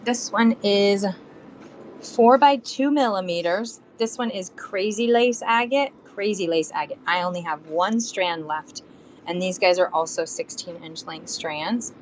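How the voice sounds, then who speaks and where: Selling bead strands on a live shopping stream, a woman talks in an unhurried, mid-range voice. She's chatty, counting the beads out loud and humming while she works; the audio is rough, with slight hiss or hum.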